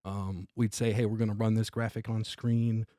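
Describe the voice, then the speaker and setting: This Staten Island comedian, guesting on a casual podcast, speaks at normal speed in a lowish voice while animatedly acting out quotes and cursing liberally as he tells stories. The audio is studio quality, with no room sound.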